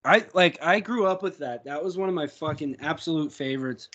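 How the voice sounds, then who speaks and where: Casual higher-pitched man co-hosting. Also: a little fast, fairly bright tone, dull audio. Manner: laid-back, swears a lot, laughs easily. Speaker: podcast co-host. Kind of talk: casual chat.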